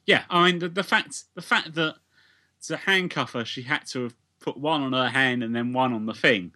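A man's voice: medium pitch, moderate pace, bright, forceful tone. A British man co-hosting a podcast, casually picking apart a plot and asking questions. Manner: analytical, questioning. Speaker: podcast co-host. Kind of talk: casual review chat.

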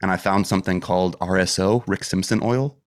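Low-voiced and a little fast, a metal musician on a podcast shares a personal story in loose, candid, curse-heavy talk. He keeps restarting and rambling, dropping fillers such as "dude" and "like."

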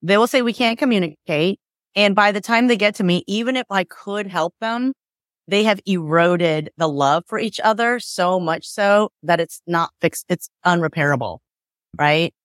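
A woman's voice: mid-range voice, moderate pace, dry recording, studio quality. A woman divorce mediator in a conversational interview, explaining with acted-out examples and lots of "like" and "right?".

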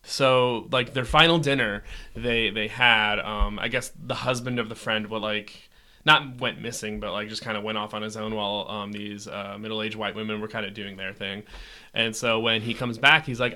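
A man co-hosting a podcast, chatting casually and telling an animated story with lots of fillers. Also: mid-range voice, normal speed, smooth. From Omaha, Nebraska. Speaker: podcast co-host. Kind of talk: casual chat.

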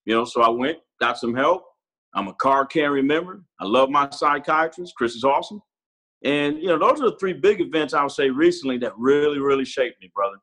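A man's voice: medium pitch, animated, fairly quick, fairly bright tone, rough recording. A Marine sergeant major in his forties, a man telling personal stories candidly and casually, often calling the host brother. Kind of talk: candid conversational storytelling.

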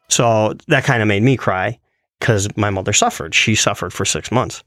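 A man with a fairly low voice tells a personal story in a relaxed, chatty way. He gets animated as he quotes what other people said. The sound is dry and close, with little room echo. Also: unhurried, gravelly. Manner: animated, quoting others in his retelling. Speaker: guest telling a personal story. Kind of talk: casual storytelling.

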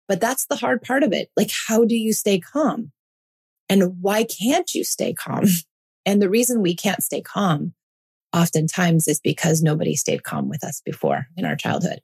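A woman's voice: mid-range voice, very animated, normal speed, creaky, darkish tone, husky. A woman in her forties hosting a parenting podcast, talking listeners through her ideas in an earnest, reassuring monologue.

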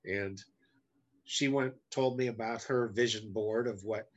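A man's voice: on the low side, fairly even intonation, a little slow, dull audio. Middle-aged man, podcast guest; blunt, candid storyteller with wry self-deprecating humor. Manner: blunt, candid, often profane. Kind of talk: casual storytelling in an interview.

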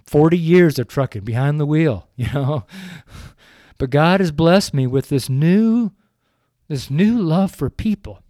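A man's voice: a little high, animated, a little slow, warm tone, no room sound, clean studio sound. A man in his sixties, a street preacher speaking on a podcast, crying and pleading earnestly into his microphone. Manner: pleading, earnest, repetitive appeals. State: tearful, crying while speaking.

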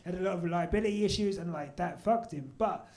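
Brief: young-sounding man, high voice, brash live-podcast host, swears a lot. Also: fast. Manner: loud, swearing, laughing banter. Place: live event venue with audience.

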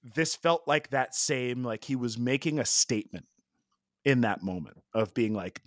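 A man co-hosting a podcast in casual sports chat, telling stories in an animated way with lots of "like" fillers. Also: mid-range voice, measured pace, dry recording, studio quality. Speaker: podcast co-host.

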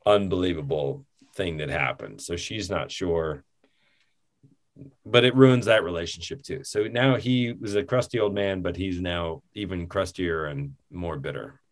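A man with a slightly low voice talks casually about a film, rambling and laughing as he goes. He is lively and loose, stopping and restarting his thoughts. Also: unhurried. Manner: rambling, animated, laughs often. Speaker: podcast co-host.

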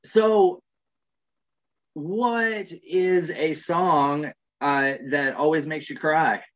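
A man's voice: fairly high pitch, drawn-out words, muffled recording. An American man hosting a podcast, talking in a laid-back, rambling way and swearing casually. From United States. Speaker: podcast host. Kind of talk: casual interview.

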